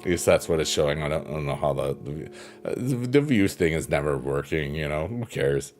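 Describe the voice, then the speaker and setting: A man live-streaming, chatting casually and reading viewer comments, soft-spoken and reflective, pausing with fillers. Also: a bass voice, sing-song. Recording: piano music playing behind the voice.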